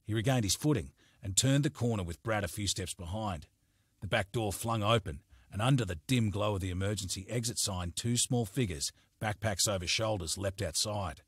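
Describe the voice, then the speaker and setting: Reading a crime novel aloud as an audiobook, a man with a lowish, slightly breathy voice keeps a calm, even storytelling pace. The close studio mic captures no room sound at all.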